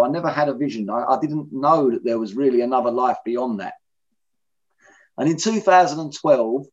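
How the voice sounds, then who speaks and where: A middle-aged man, candidly telling his own story in an interview, blunt and plain-spoken. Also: medium pitch. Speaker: interviewee in recovery. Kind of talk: personal testimony in conversation. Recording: dull lo-fi recording.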